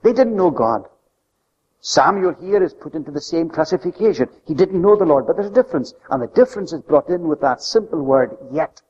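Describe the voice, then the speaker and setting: A man preaching a sermon with an emphatic delivery that swings between loud, high stresses and soft, low drops. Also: expressive, brisk, husky. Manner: emphatic, rising and falling delivery. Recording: lo-fi recording with long hall reverb.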